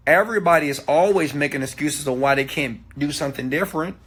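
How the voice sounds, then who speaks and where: A man giving a motivational talk, preachy and animated, often checking in with "okay?". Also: on the high side, quick pace, breathy edge. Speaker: motivational speaker.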